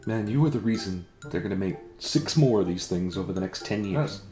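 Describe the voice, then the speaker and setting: A man's voice: sits low, animated, a little fast, warm tone, echoey room, faint music behind. A man in a comedy sketch, talking in a dry, sarcastic and critical way. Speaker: comedy video creator. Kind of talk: comedic self-debate sketch.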